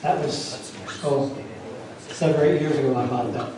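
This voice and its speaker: A man's voice: mid-range voice, moderate pace. A man presenting a hands-on workshop demonstration to a club, answering audience questions in a plainspoken, practical way. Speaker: club presenter teaching routing. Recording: very echoey room, voice from far off, faint noise.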